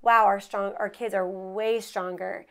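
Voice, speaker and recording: A woman's voice: mid-range voice, fairly even intonation, measured pace. Earnest, emotional woman in candid chat. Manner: emotional, earnest, laughs often; rambling with frequent restarts. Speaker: co-host sharing marriage story.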